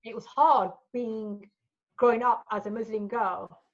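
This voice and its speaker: Forties woman guest telling it straight, voice a bit high, kinda muffled lo-fi audio. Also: measured pace. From family from Gujarat, India. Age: 40s. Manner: blunt, animated storyteller, acts out quotes. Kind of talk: candid casual interview. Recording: dull lo-fi recording.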